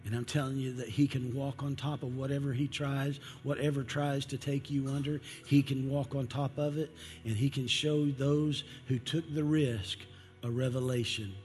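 A man preaching an evening sermon, emphatic, slowing down for dramatic quoted lines. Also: medium pitch, flat delivery, a little mellow. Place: church sanctuary. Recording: long hall reverb with faint music.

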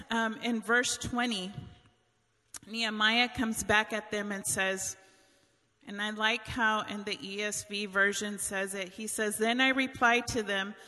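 A woman's voice: mid-range voice, pushed and bright. Chatty woman preaching in a reverberant hall. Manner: chatty, storytelling, retells Bible scenes in everyday talk. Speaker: speaker giving a Bible teaching. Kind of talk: casual sermon.

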